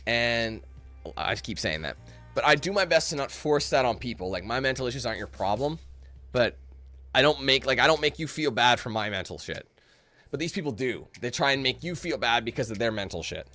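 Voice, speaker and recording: A man's voice: mid-range voice, animated, brisk, bright, forceful tone, soft background music. A man streaming to his viewers in casual, candid chat. He sounds tired, rambles and swears freely. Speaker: YouTube streamer.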